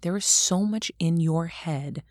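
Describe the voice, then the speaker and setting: Interview guest: woman, deep voice, dry close sound, animated storyteller who acts out quotes. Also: a little slow, dry recording. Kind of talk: casual interview talk.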